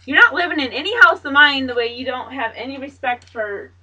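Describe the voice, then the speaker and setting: A woman's voice: high voice, expressive, a little fast, pushed and bright, far from the mic, poor audio. A mother scolding her grown daughter in a heated argument at home, lecturing and swearing.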